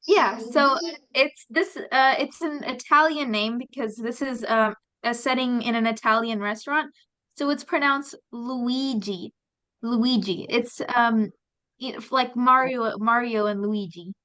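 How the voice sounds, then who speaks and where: A woman's voice: fairly high pitch, measured pace, sharp tone, poor audio. A woman teaching English conversation practice, explaining patiently with fillers. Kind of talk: classroom instruction.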